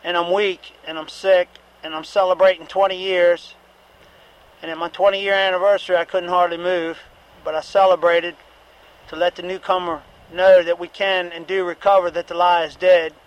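A man's voice: high voice, flat delivery, moderate pace, muffled recording. A middle-aged man giving a candid, repetitive personal testimony at a recovery meeting, with occasional profanity.

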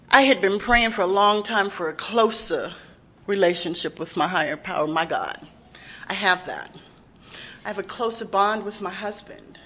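A woman's voice: mid-range voice, pushed and bright, husky. A woman telling a raw personal recovery story, candid and emotional, with frequent swearing. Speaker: recovery speaker sharing her story. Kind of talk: personal testimony.

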